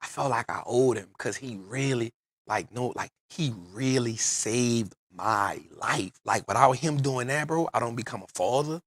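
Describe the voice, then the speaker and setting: A man's voice: medium pitch, unhurried, a bit bright, no echo, studio quality. A man hosting a podcast, telling an emotional personal story in casual street slang. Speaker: podcast host. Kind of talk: casual chat.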